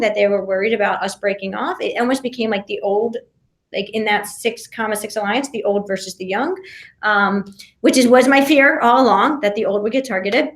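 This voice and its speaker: Animated storytelling woman, high voice. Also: roomy sound. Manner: talks fast with many restarts and fillers, acts out quotes. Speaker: podcast guest, reality show contestant.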